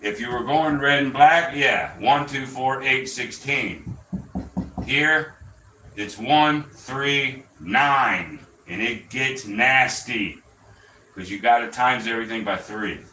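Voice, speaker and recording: Taking it slowly in a sharp, mid-range voice, a man on a gambling show explains roulette betting in a chatty, profane, blunt manner of casual instruction. The roomy, distant-mic recording carries faint ambience and a little hiss or hum.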